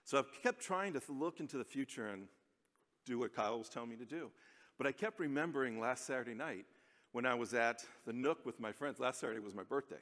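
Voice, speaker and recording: A man's voice: medium pitch, a little fast, fairly bright tone. Chatty man speaking in a large hall. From United States. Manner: chatty, self-deprecating, laughs often. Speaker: conference speaker. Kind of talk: conference keynote speech. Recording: long reverb of a large hall.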